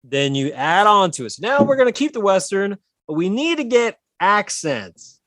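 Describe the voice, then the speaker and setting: A podcast co-host in casual comedic chat tells stories in an animated way, swearing freely. His voice is high-pitched and his pace moderate, on a dry recording.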